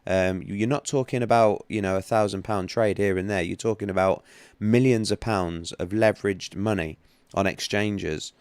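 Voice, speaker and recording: Low-voiced man, rambling stream host. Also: fairly even intonation, normal speed, hardly any pauses, a little mellow, clear, resonant tone, no room sound. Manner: rambling, chatty, many restarts and fillers. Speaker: livestream host, trading analyst. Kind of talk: casual livestream chat.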